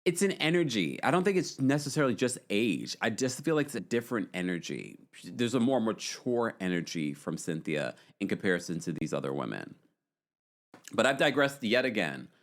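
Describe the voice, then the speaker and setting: A man's voice: fairly low pitch, sing-song, moderate pace. A man hosting a casual recap podcast, chatty and opinionated, reading comments from a live chat and often breaking into laughter. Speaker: podcast host.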